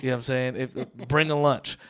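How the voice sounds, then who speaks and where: A man who is a comedian and podcast host, giving animated, preachy and profane opinions in a casual debate. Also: medium pitch, brisk, smooth.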